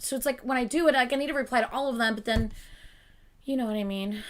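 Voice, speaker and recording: Reaction host: woman, bright tone, chatty and excitable, laughs a lot, casual commentary. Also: sits high, quick pace.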